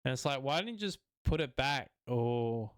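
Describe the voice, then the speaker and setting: A man's voice: mid-range voice, lively intonation, normal speed, clear, resonant tone, no echo. Man, casual podcast chat, laughs a lot, fillers, dry close mic. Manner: laughs often, rambling with many fillers. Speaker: podcast co-host.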